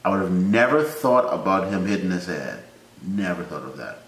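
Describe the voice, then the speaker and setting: A man hosting a reaction video in casual commentary, breaking into loud startled exclamations and laughter between wry remarks. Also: low-pitched, sing-song, moderate pace, a little hiss or hum. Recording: roomy echo with faint ambience.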